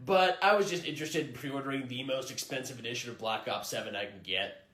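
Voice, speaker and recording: A man playing a condescending, sexist male gamer customer who talks low and dismissively. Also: fast talker, a bit bright, reverberant, close to an everyday voice. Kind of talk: comedy skit.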